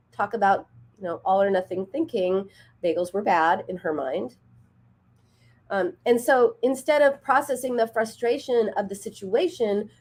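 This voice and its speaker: Woman radio host giving advice. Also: a little high. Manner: warm, explanatory, acts out quoted dialogue. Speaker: radio show host and therapist.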